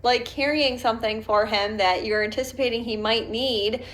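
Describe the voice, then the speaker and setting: A woman's voice: a little high, fairly even intonation, normal speed, fairly bright tone. A woman co-hosting a podcast, earnestly explaining her view in casual reaction commentary. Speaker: podcast co-host.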